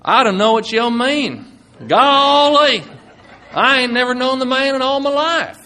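A flustered country fisherman from the American South, as a male preacher puts him on, speaks in a high, loud voice with a folksy drawl. His put-on Southern accent is broad and rustic. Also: a little slow, full character voice.

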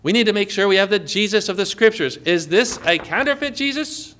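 A man's voice: high-pitched, animated, fairly quick, fairly bright tone. A man preaching a sermon as pastor, emphatic and often putting questions to the congregation.

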